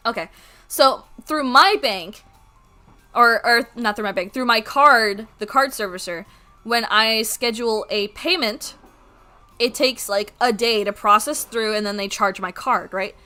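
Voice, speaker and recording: Woman streaming from home, high bright voice, chatty and animated, swears a lot, faint music behind. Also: measured pace. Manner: animated, swears freely, laughs through the story. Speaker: art streamer. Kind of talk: casual storytelling chat to stream viewers.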